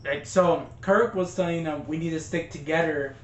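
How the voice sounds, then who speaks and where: A man's voice: fairly high pitch, fairly even intonation, moderate pace. A man co-hosting a casual movie review, retelling scenes with laughs and acted-out quotes. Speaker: podcast co-host. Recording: echoey lo-fi room with faint noise.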